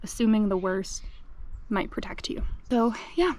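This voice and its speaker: Despite poor audio, this young woman's medium-pitched, slightly mellow voice carries lively intonation at a measured pace. Out on a mountain trail during a solo backpacking trip, she narrates to camera casually and candidly, using fillers and correcting herself.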